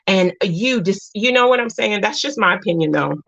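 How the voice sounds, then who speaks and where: A woman's voice: medium pitch, brisk, few pauses, fairly bright tone, no room sound, low-quality recording. A woman in her thirties, a single mom, hosting a casual livestream and talking earnestly to her viewers. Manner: earnest, talks to chat as "y'all". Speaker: livestream host.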